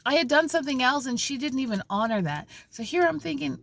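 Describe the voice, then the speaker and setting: Gravelly-voiced woman vlogging from her car. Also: high-pitched, quick pace, hardly any pauses, slight background noise. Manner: animated storytelling, many restarts and asides. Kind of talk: casual spiritual vlog talk. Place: parked car.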